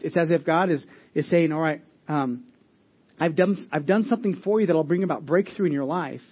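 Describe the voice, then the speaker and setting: Pastor, male, slightly high, husky voice; casual sermon delivery, muffled recording. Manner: conversational, with frequent restarts and filler words.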